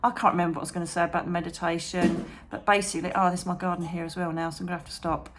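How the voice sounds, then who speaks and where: A woman chatting to camera about meditation as a psychic medium and channel host, animated, calling viewers darling and trailing off mid-thought. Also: lowish voice, rapid-fire, slight background noise. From England. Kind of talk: chatty advice vlog to camera.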